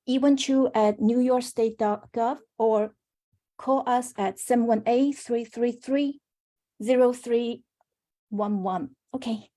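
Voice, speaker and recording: A woman's voice: fairly high pitch, fairly even intonation, takes it slowly, dark tone. A woman on a remote call who works as a senator's staffer, reading out announcements at a community meeting with small restarts.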